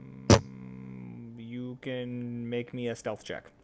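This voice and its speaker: A man narrating a tabletop game as game master, talking in a relaxed, casual way. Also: mid-range voice, drawn-out words, gravelly, slight background noise. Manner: relaxed, casual, many fillers.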